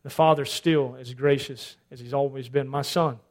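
A male pastor preaching a sermon, swinging between loud emphatic lines and hushed asides. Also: mid-range voice, fairly even intonation, moderate pace.

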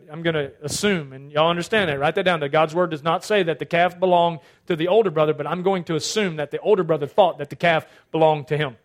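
A male pastor preaching a sermon, swinging between loud emphatic lines and hushed asides. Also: on the high side.

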